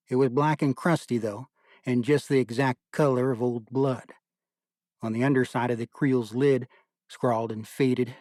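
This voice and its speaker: A man narrating an audiobook in a measured, deliberate storytelling manner. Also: mid-range voice, darkish tone, dry recording, clean studio sound.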